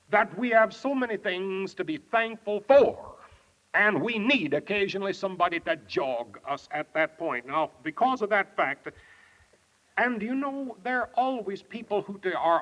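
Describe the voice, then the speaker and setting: An older man preaching a sermon, telling stories in a folksy, animated way. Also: high-pitched. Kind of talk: storytelling sermon. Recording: dull lo-fi archive tape.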